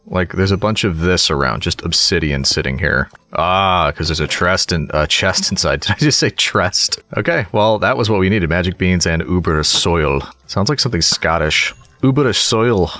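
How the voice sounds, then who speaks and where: A low-pitched young man chats his way through a survival game, thinking out loud and bantering with the creatures he meets. The close mic sits in a dry room with no echo around his voice. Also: expressive, moderate pace, hardly any pauses. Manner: chatty, talks to animals in a sing-song coo. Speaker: gaming YouTuber. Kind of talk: casual gameplay commentary.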